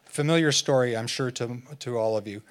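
A man filling in as guest preacher, giving a conversational sermon and slowing down to stress key phrases. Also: mid-range voice. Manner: conversational, slows down for emphasis.

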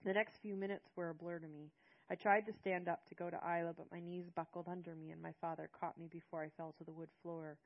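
A woman reads a first-person audiobook in a hushed, sorrowful way. Her voice sits fairly low. The recording sounds dull and lo-fi. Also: level tone, a little fast. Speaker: audiobook narrator.

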